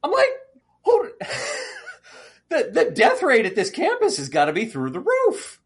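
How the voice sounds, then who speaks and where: A man in casual podcast chat, his pitch swooping widely as he rants. He acts out exasperated outbursts and gets worked up easily. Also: wildly swooping pitch, moderate pace, breathy edge. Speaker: podcast co-host.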